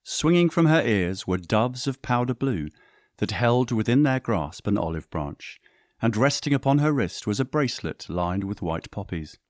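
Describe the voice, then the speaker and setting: A man narrates a story with a lively, rising and falling pitch. His measured, descriptive reading sounds close and dry. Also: no room sound.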